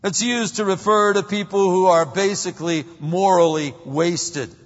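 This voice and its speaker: Male preacher, high voice, lively storytelling delivery, long hall echo. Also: unhurried. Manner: animated storyteller, swings from loud to hushed. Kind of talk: sermon. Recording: muffled hall recording with long reverb.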